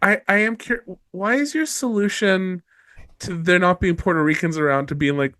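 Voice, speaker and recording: A man's voice: sits high, normal speed, a bit bright, no echo. A man co-hosting a podcast in casual chat, with a dry, teasing manner. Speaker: podcast co-host.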